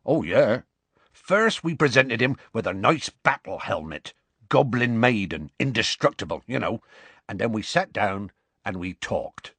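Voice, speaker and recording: A man voicing Hagrid, a big gruff half-giant who tells the story in rough, homely speech. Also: fairly low pitch, sing-song, a bit bright, no echo, exaggerated voice. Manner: rough colloquial grammar, slow homely storytelling.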